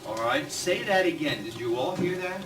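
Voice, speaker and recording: A man's voice: on the high side, animated, normal speed. Man teaching, heard from far off. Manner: coaxing, repeats students' sentences back to the class. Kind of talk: classroom demonstration lesson. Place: classroom with grade-five students. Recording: roomy, distant, noisy classroom recording.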